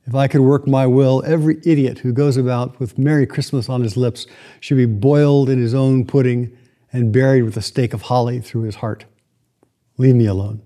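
A man voicing a bitter, miserly old man in a read-aloud story, with a low, scornful growl. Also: fairly even intonation, normal speed, mellow, close to an everyday voice.

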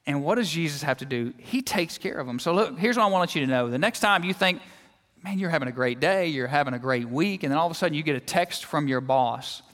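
A man's voice: a little high, fast. Joking preacher man in a reverberant church. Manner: lively, joking storyteller who acts out everyday scenes. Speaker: guest preacher. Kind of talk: sermon. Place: church sanctuary.

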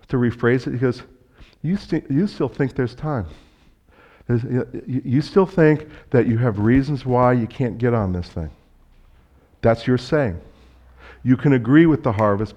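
A man preaching a sermon as a pastor, telling stories in a conversational way and acting out dialogue with sudden loud bursts. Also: medium pitch, lively intonation, unhurried, muffled recording. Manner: conversational, speaks directly to the congregation.

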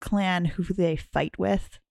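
Rambling woman with a lowish voice. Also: steady tone, slow pace, creaky, darkish tone, no room sound, clean studio sound. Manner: rambling, often correcting herself. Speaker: podcast co-host. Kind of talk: casual book-club chat.

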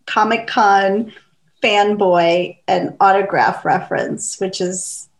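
A woman's voice: medium pitch, fairly even intonation, slow pace. A woman in casual chat co-hosting a TV recap, quoting lines from the show and commenting on them. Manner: chatty, quotes lines from the show and adds comments. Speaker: podcast co-host.

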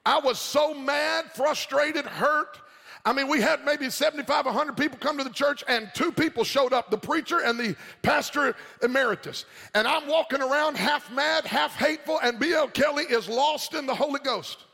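High gravelly-voiced male pastor yelling a sermon, sing-songy, throws questions at the crowd, church echo. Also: moderate pace. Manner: preaching with shouted, sing-song cadence; call-and-response questions to the congregation. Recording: reverberant hall with music behind.

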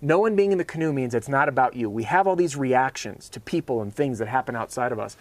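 Energetic man giving a motivational pep talk. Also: medium pitch, fast talker, dry recording. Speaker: sales trainer and show host.

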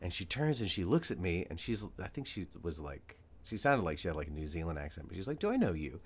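A man's voice: low-pitched, sing-song, fast, husky. A man co-hosting a podcast, telling stories in a casual, self-deprecating way with lots of laughter and restarts. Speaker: podcast co-host. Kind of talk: casual chat.

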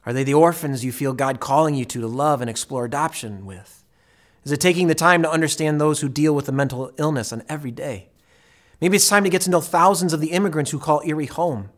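A man's voice: fairly high pitch, fast talker. Man preaching a dramatic sermon. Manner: dramatic storytelling, acting out voices with big swings in loudness. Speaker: pastor.

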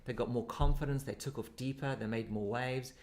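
Fairly quick and steady, with a medium pitch and darkish tone, this South African-accented man coaches surfing. He chats casually while explaining technique through demonstrations.

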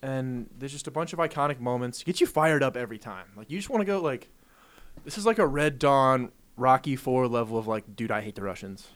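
A man's voice: mid-range voice, a little fast. A young man co-hosting a sports podcast, chatting casually and playfully and laughing often. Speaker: podcast co-host. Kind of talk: casual chat.

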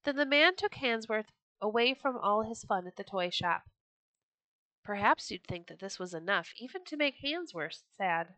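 A woman reading old children's stories aloud for a podcast, gentle and expressive. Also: medium pitch, normal speed, no echo, poor audio. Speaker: storyteller. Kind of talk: storybook read-aloud podcast.

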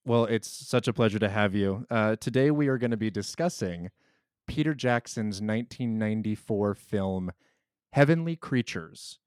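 A man hosting a casual film podcast, joking and then introducing the guest in measured host patter. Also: lowish voice, lively intonation, a little mellow, clear, resonant tone, dry recording, studio quality.

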